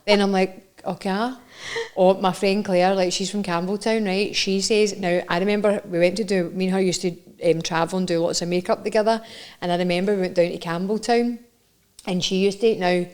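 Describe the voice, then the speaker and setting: Scottish woman, young adult, chatty co-host, teasing, middle pitch. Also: fairly even intonation, a little fast, darkish tone, clean tone. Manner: chatty, teasing, laughs often. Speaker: podcast co-host. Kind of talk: casual chat.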